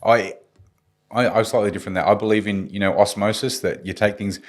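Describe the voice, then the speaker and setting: Man, very low voice, rapid delivery, confident expert explaining. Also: fairly even intonation. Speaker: guest security and communication specialist. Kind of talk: podcast panel discussion.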